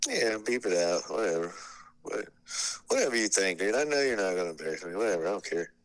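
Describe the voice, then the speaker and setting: A man with a lowish voice chats on a call with his old bandmate. He is blunt and relaxed, swearing freely and laughing at himself. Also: fast, low-quality recording. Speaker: guest, former bandmate. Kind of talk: casual phone chat.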